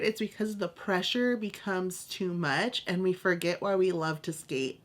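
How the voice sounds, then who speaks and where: A woman's voice: medium pitch, steady tone, a little slow, hardly any pauses. A young woman co-hosting a podcast in casual chat, gushing and emotional and laughing often. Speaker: podcast co-host.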